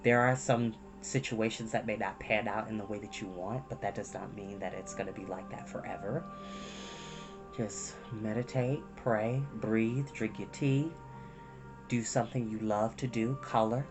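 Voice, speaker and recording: A man speaks slowly and gently to his viewers in a low, soft voice, close to tears and pausing often. Music plays clearly in the background. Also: steady tone. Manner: soft-spoken, emotional, pauses often. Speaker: storytime reader. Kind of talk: candid personal talk to viewers.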